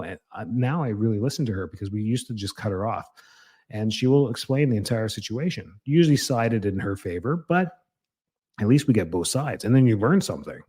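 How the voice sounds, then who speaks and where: A chiropractor hosting a show, giving parents advice in a casual, reassuring way, with many fillers and restarts. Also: male voice, lowish voice, a little mellow, breathy edge. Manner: conversational, with frequent fillers and restarts; reassuring, explanatory. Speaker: chiropractor host.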